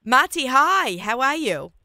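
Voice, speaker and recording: A chatty woman with an Australian accent hosts a radio talk show. Her voice is bright and forceful. The studio sound is dry and close. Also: sits high, big pitch swings, no echo. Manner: chatty, quick restarts and fillers. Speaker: radio host. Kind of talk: casual radio chat.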